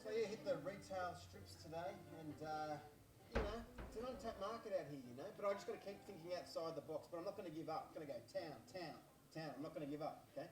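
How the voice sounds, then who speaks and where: A man's voice: fairly high pitch, fast talker, crowd noise, close to an everyday voice. A man playing Glendon, a brash Aussie salesman. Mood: determined. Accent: Australian. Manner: cocky, relentless sales patter. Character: brash pushy male travelling jersey salesman. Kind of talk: comedic ad mockumentary. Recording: roomy, distant-mic video audio.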